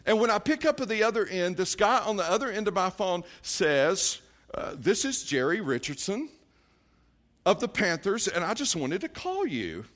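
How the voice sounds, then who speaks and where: High-voiced man preaching a sermon. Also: big pitch swings, normal speed, fairly bright tone. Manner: conversational, many fillers and restarts, rises to emphatic preaching. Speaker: pastor. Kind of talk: sermon with personal story.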